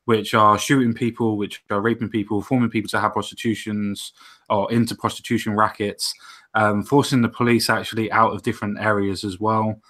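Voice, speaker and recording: A man's voice: on the low side, little pitch movement, fairly quick, a bit bright. A man co-hosting a livestream chat, hesitant with many ums. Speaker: livestream co-host. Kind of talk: casual chat.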